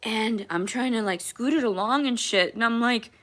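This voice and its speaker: A woman's voice: a little high, normal speed, fairly bright tone. A woman chatting on a livestream in a rambling, emotional way, with casual swearing.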